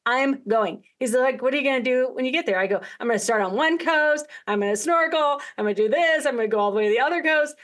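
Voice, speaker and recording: Woman podcast host, American, high voice, lively and laugh-prone casual chat. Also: quick pace, hardly any pauses. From United States. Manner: chatty, laughs often, acts out quoted dialogue.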